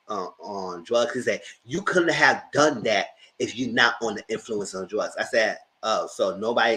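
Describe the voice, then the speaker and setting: A man hosting a casual TV review, talking in an animated, blunt way and swearing freely. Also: on the low side, poor audio. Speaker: show recap host.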